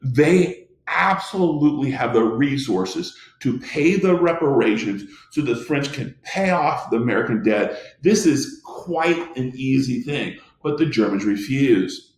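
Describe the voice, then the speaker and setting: A man's voice: mid-range voice, lively intonation, unhurried. Emphatic male history teacher, echoey room. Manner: emphatic, many restarts and fillers. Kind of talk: recorded classroom lecture.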